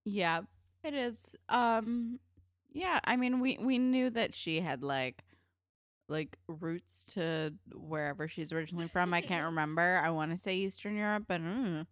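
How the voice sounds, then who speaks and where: A woman's voice: lowish voice, a little slow, no echo, studio quality. A woman co-hosting a casual TV recap podcast, talking bluntly and swearing freely in exasperated rants. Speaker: podcast co-host.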